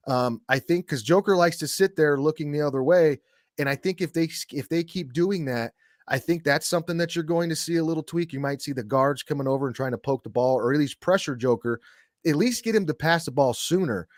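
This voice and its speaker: A man's voice: on the high side, brisk, dry recording, studio quality. A man co-hosting a casual sports podcast, who rambles with many restarts and repeats himself. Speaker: podcast co-host, middle school coach.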